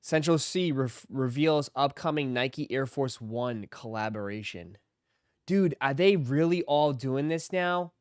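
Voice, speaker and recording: A man's voice: mid-range voice, lively intonation, unhurried, smooth, no echo, studio quality. A man hosting a casual live stream, reacting to clips with frequent laughter and playful remarks. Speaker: livestream host.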